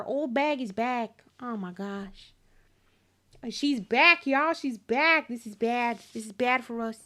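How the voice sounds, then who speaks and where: A woman's voice: high-pitched, normal speed, fairly bright tone. A woman streamer giving casual commentary over a game, chatty and exclaiming as she talks to her chat. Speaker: gaming streamer.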